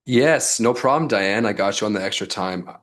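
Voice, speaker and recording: A man's voice: on the low side, expressive, moderate pace, a bit bright. A man coaching his audience in a casual livestream, loose and fired up, peppering his talk with "like" and mild swearing. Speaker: business coach.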